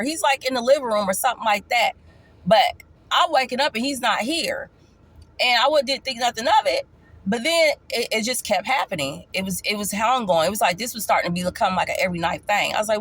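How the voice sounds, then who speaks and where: Woman vlogger, casual storytime, emphatic, repeats herself, jumps up in pitch to stress a point. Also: fairly quick, a bit bright, no echo. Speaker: vlogger telling her life story.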